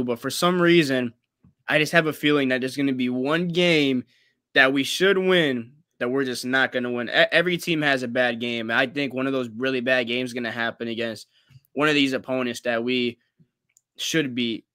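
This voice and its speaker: Bright, crisp young co-host. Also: male voice, mid-range voice, dry recording, clean studio sound. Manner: animated, opinionated, casual slang. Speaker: co-host and student sports writer. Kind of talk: casual sports talk.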